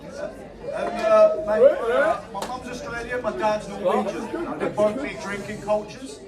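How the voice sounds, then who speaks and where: A man's voice: high voice, sing-song, slow, recorded from a distance. A young man from England performing a stand-up set, swearing freely and bantering with the crowd. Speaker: stand-up comedian. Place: small comedy club. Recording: echoey club room, mic heard from afar, loud crowd. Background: audience laughing.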